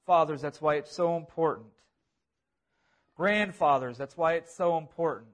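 A man's voice: a little high, normal speed, a bit bright. A man preaching a sermon, earnest and repetitive, building emphasis on key phrases. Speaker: pastor.

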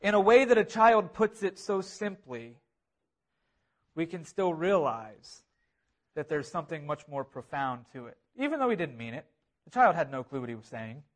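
A man delivers a sermon in an earnest, driving way, repeating key phrases to build emphasis. His voice sits notably high for a man. He sounds like a pastor speaking to his congregation. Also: very animated, normal speed. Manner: earnest, repetitive preaching with rising emphasis.

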